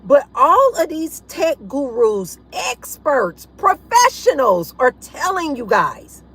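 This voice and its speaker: A woman hosting a casual livestream chat, blunt and animated, laughing often as she talks to her viewers. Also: high-pitched, slow. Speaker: livestream host.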